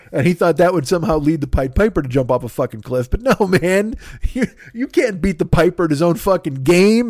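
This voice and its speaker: A man's voice: fairly high pitch, animated, fairly quick, few pauses, a little mellow, dry recording, clean studio sound. A man on a comedy podcast, riffing in a rambling, profane monologue, laughing at his own jokes and acting out voices.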